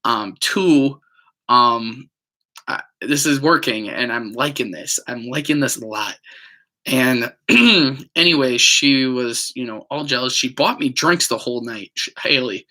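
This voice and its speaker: A man with a bright, forceful voice tells a personal story to the camera in loose, casual talk. He rambles along with plenty of ums and likes, and slips into acting out what other people said. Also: medium pitch, measured pace. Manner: rambling, many fillers, acts out quotes. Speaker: vlogger.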